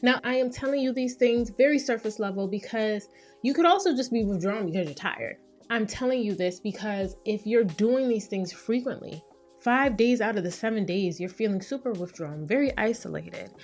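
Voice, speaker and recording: A woman in her thirties hosts a podcast as a therapist and talks at a medium pitch. Her delivery is chatty and conversational, and she slips into quick voices for the people she quotes. Faint music plays underneath her. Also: a little mellow. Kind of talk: casual advice monologue.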